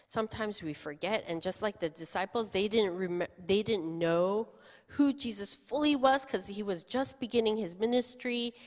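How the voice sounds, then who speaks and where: A woman pastor giving a children's sermon, telling a story in an animated way and asking the children questions. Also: medium pitch, normal speed. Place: church sanctuary. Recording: long church reverb.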